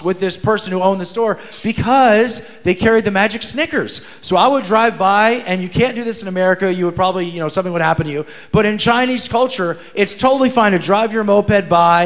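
High-voiced, joking guest preacher, a man. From New Jersey. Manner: animated, joking, energetic. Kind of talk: sermon with humorous storytelling.

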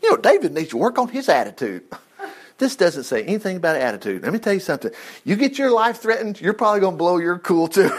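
A middle-aged man preaching an informal sermon, folksy and animated, with chuckling asides to the congregation. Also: sits high, fast, breathy edge. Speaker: pastor.

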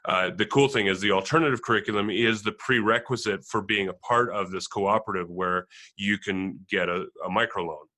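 A man hosting an interview, talking in a relaxed way and telling stories with fillers. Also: fairly low pitch, fairly quick, few pauses. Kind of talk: conversational interview.

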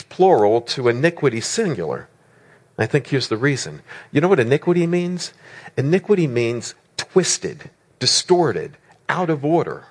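Emphatic male preacher with rhetorical questions. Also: medium pitch. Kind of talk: sermon.

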